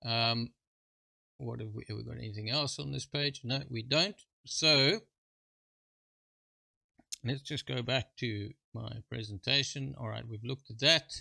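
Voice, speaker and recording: A man presenting a screen-share software walkthrough, talking in a halting way with fillers and informal asides. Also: medium pitch, creaky, no echo. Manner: halting, full of fillers and restarts.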